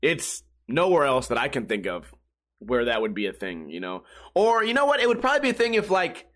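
A man's voice: medium pitch, huge pitch swings, fairly quick, fairly bright tone. A man talking alone in a casual, rambling monologue, swearing freely and mimicking other people in mocking voices.

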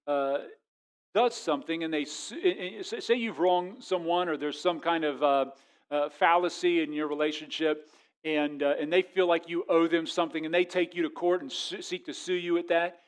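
A middle-aged man preaching a sermon as a pastor, conversational and storytelling, often restarting his words and swinging from quiet to loud. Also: on the high side, moderate pace.

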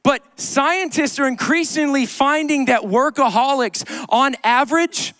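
Guy preaching a sermon, pretty high voice, chatty and jokey, repeats his big lines, dry sound. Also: unhurried, a bit bright, no room sound. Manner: conversational, joking asides, repeats key lines. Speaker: pastor. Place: church sanctuary.

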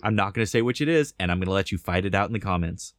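Man, mid pitch, very lively intonation, dry close mic, joking podcast chat. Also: very fast, no echo. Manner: dry wisecracks, laughs a lot. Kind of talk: casual chat.

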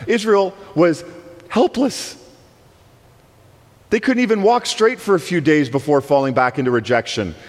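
A man preaching in a church sanctuary, his slightly high voice ringing through a long, echoing hall. He delivers the sermon emphatically, rising to bold declarations and dropping to quiet, hushed lines. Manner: emphatic, swinging between soaring and hushed delivery. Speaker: guest preacher.

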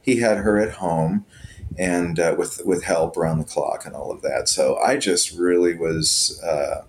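Brief: middle-aged male guest, very low voice, lively storyteller with chuckles, faint hum behind. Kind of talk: conversational storytelling.

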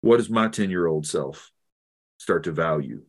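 Earnest deep-voiced man telling a story. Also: expressive. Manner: earnest, halting, many restarts. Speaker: guest theologian. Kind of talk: reflective storytelling in conversation.

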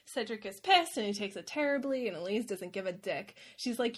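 A woman's voice: mid-range voice, animated, brisk, few pauses, husky. A woman host giving a wry, irreverent comedic recap of a fantasy novel. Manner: wry, irreverent, laughs often. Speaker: podcast host.

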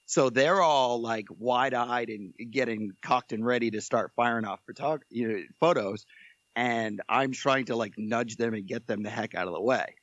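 A man of middling pitch tells a story in a casual, joking, animated way. The sound is dry and a bit dull. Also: normal speed, dry recording. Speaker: podcast guest.

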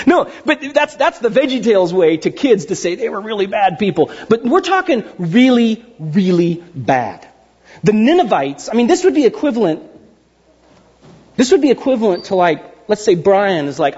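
A man preaching a casual sermon as an animated storyteller who acts out quotes and makes jokes, on a dull lo-fi recording. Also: sits high, moderate pace, husky, big-room sound. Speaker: pastor.

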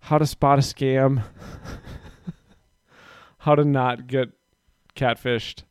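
A man talks in a relaxed, rambling way on a podcast, poking fun at himself as he goes. His voice is smooth and clear, at an ordinary pitch. The sound is close and dry. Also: slow pace, no echo. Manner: rambling, self-deprecating, chatty. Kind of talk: casual chat.

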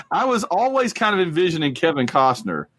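Animated, rambling man chatting about movies. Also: high voice, breathy edge. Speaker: podcast co-host. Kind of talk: casual movie chat.

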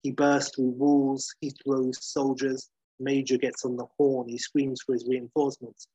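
A man's voice: mid-range voice, a little slow, breathy edge, dry recording, low-quality recording. A man telling a story casually and with gusto, acting out the action as he goes. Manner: lively, acts out scenes, fillers.

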